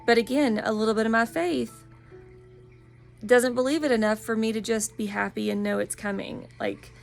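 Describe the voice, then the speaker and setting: A woman's voice: a little high, fairly even intonation, moderate pace, creaky, faint music behind. A woman in her thirties, a spiritual wellness practitioner, talking in a casual vlog monologue, earnest and encouraging and openly personal.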